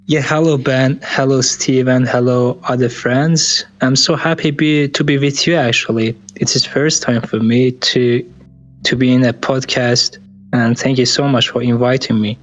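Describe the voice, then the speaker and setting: A man's voice: mid-range voice, steady tone, measured pace. A man on his first podcast as a guest over online voice chat, eager and grateful, correcting himself as he talks. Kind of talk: casual chat.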